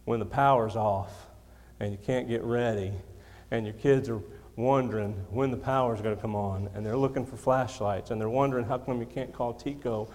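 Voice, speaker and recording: A man preaching in a church sanctuary, his voice ringing with a long hall reverb. He presses his points by repeating them and pokes fun at himself, sitting at a middle pitch. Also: steady tone, normal speed, few pauses, darkish tone. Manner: emphatic, repeats key lines, self-deprecating humor. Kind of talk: sermon. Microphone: handheld or stand microphone.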